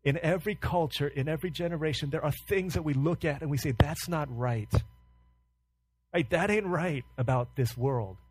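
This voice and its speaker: A man's voice: a little high, a little fast, few pauses, slightly rough. Impassioned male pastor preaching. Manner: impassioned preaching with rhetorical questions. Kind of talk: sermon.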